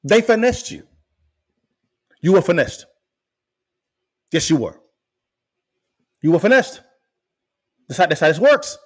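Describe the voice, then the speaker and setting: A man hosting a podcast, giving animated commentary to viewers and repeating phrases for emphasis. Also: high voice, slow, pauses often. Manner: emphatic, repeats phrases, rises to near shouting. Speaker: podcast host.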